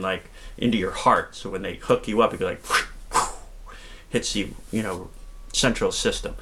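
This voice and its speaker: A man's voice: mid-range voice, a little hiss or hum. A middle-aged man, a singer and cancer survivor, telling upbeat, joking stories from his own experience. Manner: upbeat, joking, animated storyteller. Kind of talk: singing then storytelling talk.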